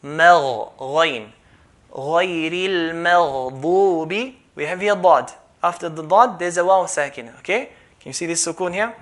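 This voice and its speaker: A man teaching tajweed, explaining pronunciation patiently and reciting example words slowly and more loudly. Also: on the high side. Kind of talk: tajweed lesson with recitation demos.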